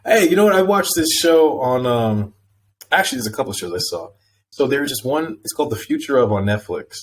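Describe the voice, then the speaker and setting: A man co-hosting a podcast in casual chat, telling stories and jumping into high, excited voices when he quotes people. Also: a little fast, rough recording. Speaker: podcast co-host.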